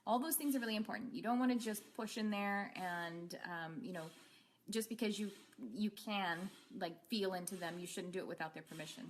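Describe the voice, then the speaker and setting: A woman's voice: medium pitch, fairly quick, slight background noise. A woman teaching a casual online class as an animal communicator, rambling along with many fillers and restarts.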